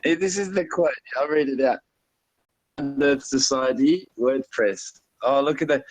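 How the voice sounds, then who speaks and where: A man's voice: medium pitch, a little slow, soft background music, low-quality recording. Sarcastic man reading quotes aloud. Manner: mocking, reads quotes aloud with sarcastic asides. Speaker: hangout participant. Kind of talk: casual online hangout chat.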